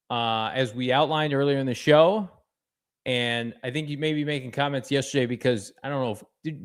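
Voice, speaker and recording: A man with a slightly higher voice hosts a casual sports podcast. He talks with energy, reading fan messages aloud and teasing his co-host.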